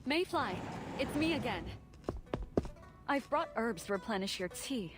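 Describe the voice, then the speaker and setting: An actress playing a calm, wise woman grandmaster who speaks in a measured, gently firm way, in game audio. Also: fairly high pitch. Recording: game audio with background music.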